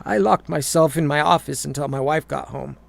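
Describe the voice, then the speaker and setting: A man's voice: a little high, fairly quick, vocal fry. A man reading a horror story aloud, often stumbling and repeating words.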